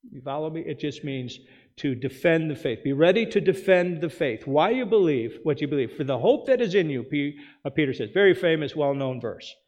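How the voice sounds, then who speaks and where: A male pastor preaching a sermon, with emphatic rhetorical questions and quick asides. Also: a little high, expressive, a little mellow. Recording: dull sound with long hall reverb.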